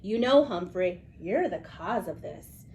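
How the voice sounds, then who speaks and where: A woman's voice: on the low side, expressive, measured pace, a little mellow, slight background noise. A kind schoolteacher, read by a woman. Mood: explaining. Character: kind older woman teacher with a broken ankle.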